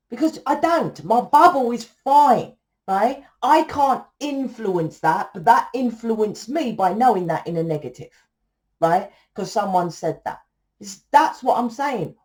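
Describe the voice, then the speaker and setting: Lady tarot reader ranting away, swears a lot, keeps going "right?", mellow warm voice. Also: medium pitch. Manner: blunt and profane, rambling, tags sentences with "right?". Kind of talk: casual spiritual monologue.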